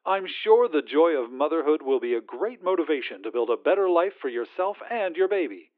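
A man's voice: fairly high pitch, animated, fairly quick. A man voicing a relentlessly cheerful corporate phone agent through a phone filter, with a sugary customer-service politeness. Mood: sweetly insistent. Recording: tinny phone line.

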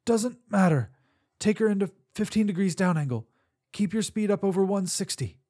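A man voicing a wounded, calm female starship captain who gives steady, commanding orders. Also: sits high, normal speed, husky, voice pushed up.

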